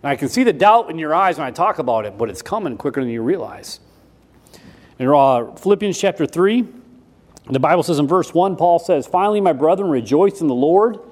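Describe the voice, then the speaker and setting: A man preaching a sermon in a folksy, repetitive way, switching between loud emphasis and quiet asides. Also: on the high side, lively intonation, fairly quick. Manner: folksy, repeats himself with restarts.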